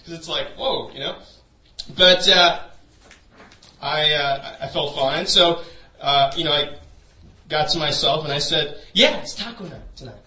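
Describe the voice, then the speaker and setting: A man's voice: fairly high pitch, fairly even intonation, a little slow, pushed and bright. A man preaching a sermon through a personal story, in a loose conversational way full of "you know". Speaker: pastor. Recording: echoey room, voice from a distance.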